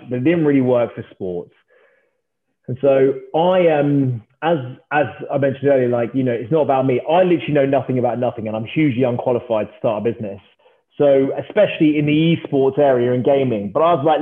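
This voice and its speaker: A man in his thirties, a startup founder, telling stories in an animated, self-mocking way with lots of fillers. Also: medium pitch. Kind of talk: casual storytelling chat. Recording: tinny phone-like line.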